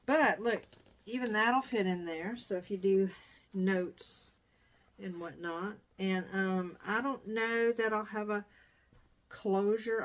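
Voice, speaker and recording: A middle-aged woman chatting casually in a home vlog, wandering off topic and coming back. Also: on the low side. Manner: chatty, digressive. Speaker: vlogger. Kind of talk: casual chat. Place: dining room used as sewing room.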